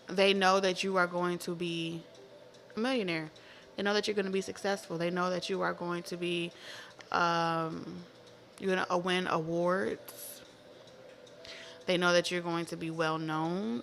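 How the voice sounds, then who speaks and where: Bright-voiced profane woman tarot reader. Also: on the low side, vocal fry, a little hiss or hum. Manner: animated, profane, repetitive, laughing asides. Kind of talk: casual tarot reading to camera.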